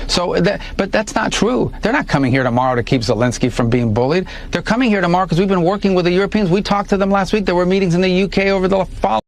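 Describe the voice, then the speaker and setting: Man, TV interview, firm, insistent, fast talker, slightly high voice. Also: expressive. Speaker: government official. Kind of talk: TV interview answer.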